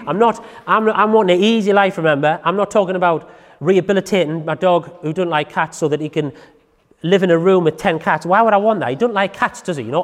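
A man's voice: sits high, big-room sound. A man teaching dog training in a casual, chatty way, often checking in with the listener.

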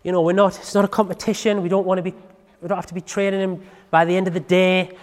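A man's voice: high voice, flat delivery, fast, big-room sound. A man teaching dog training in a casual, chatty way, often checking in with the listener.

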